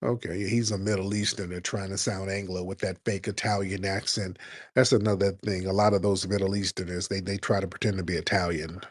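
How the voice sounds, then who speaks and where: A man hosting a live call-in comedy talk show, brash and mocking, roasting his callers with loud animated energy. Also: sits low, fairly quick, no room sound. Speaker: radio show host.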